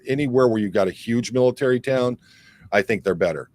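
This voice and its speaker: A man's voice: lowish voice, brisk. Rambling man hosting a livestream. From Michigan, near Detroit. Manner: rambling, reads viewer comments aloud with many fillers. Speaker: livestream host reading chat. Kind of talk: casual livestream chat.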